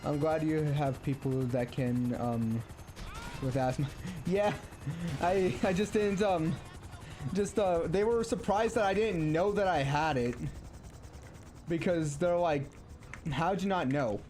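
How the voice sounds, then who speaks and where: A young man chatting casually while streaming a game, rambling and halting with lots of ums and restarts. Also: fairly high pitch, darkish tone, faint music behind. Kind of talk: casual gameplay chat. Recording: faint game noise behind.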